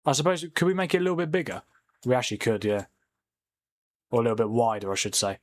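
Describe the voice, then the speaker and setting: A young man hosting a casual football watchalong livestream, chatty and quick to laugh while talking to his chat. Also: medium pitch, sing-song. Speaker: livestream host.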